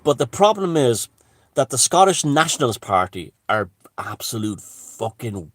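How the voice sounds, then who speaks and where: A man's voice: medium pitch, very animated, normal speed, fairly bright tone, dry recording. A man giving a heated, rambling political monologue, swearing and restarting his sentences. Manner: heated, profane, full of restarts and asides. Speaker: commentator.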